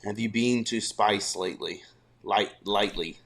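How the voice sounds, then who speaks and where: A man's voice: on the low side, unhurried, creaky, fairly bright tone. A man co-hosting a sports podcast in casual chat, rambling and trailing off mid-sentence. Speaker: podcast co-host.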